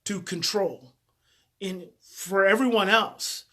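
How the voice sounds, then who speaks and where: A man speaking as a parenting educator tells a personal story with deep feeling. His voice is bright and forceful, and he often circles back to repeat a phrase. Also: fairly even intonation, slow pace.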